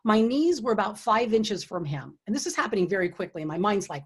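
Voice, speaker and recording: A woman's voice: mid-range voice, expressive, a little fast, breathy edge. A middle-aged woman hosting an online book launch, giving earnest, encouraging leadership advice and telling personal stories. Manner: earnest and encouraging, drops to a hushed tone when retelling quiet moments. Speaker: author and host of a book launch. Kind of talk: online event talk with storytelling. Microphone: computer or webcam mic for an online event.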